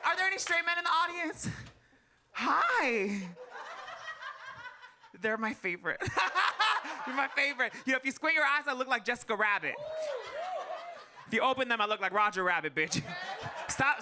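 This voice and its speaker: High-voiced sassy drag queen comic. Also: background noise. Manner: brash, sassy, swearing, loud laughing asides. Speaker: drag queen stand-up comedian. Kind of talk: stand-up comedy set. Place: live comedy stage before an audience.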